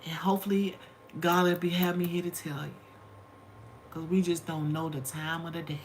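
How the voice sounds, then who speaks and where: A woman's voice: fairly low pitch, little pitch movement, normal speed, a little hiss or hum. A middle-aged woman hosting a casual livestream from home, telling stories in a chatty way and calling her viewers honey and y'all. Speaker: livestream host.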